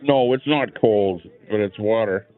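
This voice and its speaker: At a measured pace, a man with a lowish voice hosts a live stream from his chair at an outdoor rally. He chats loosely and says hi to viewers in the chat using a small clip-on microphone. The sound is tinny and lo-fi, like a phone.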